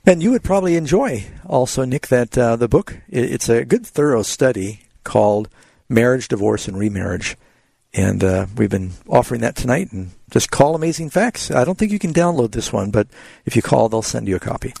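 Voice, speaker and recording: A man, a pastor hosting a call-in radio show, answering Bible questions in a relaxed, explanatory way. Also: mid-range voice, brisk, gravelly, breathy edge, no echo.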